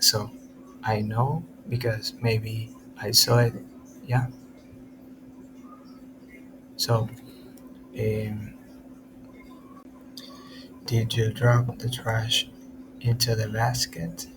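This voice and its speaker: Halting tutor, flat delivery. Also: male voice, mid-range voice. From Latin America. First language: Spanish. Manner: halting English with many restarts and self-corrections. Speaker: Spanish tutor. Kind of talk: online language lesson. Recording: steady background noise.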